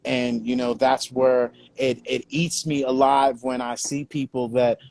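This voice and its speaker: A man's voice: mid-range voice, level tone, measured pace, creaky, a little mellow, dry recording. Guy giving motivational entrepreneur talk, lots of "you know", dry mic. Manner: earnest, many "you know" fillers. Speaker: business coach.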